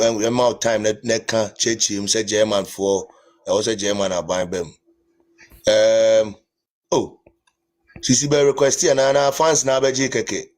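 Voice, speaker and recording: A man's voice: medium pitch, a little mellow. A man with a Ghanaian accent hosting a live stream, speaking in an indignant, pleading way and switching between English and Twi. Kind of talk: impassioned live stream talk.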